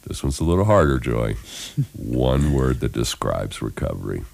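A man's voice: a bass voice, big pitch swings, moderate pace, vocal fry, darkish tone. A man hosting a casual morning radio interview in a studio, chatty, laughing easily and using many fillers. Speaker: radio show host.

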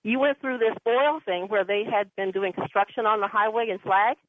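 A woman's voice: medium pitch, normal speed, no room sound. Female caller, chatty storyteller, thin phone-line sound, dry. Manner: chatty, rambling, laughs often. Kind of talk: telling a personal story on a call-in show. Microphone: telephone.

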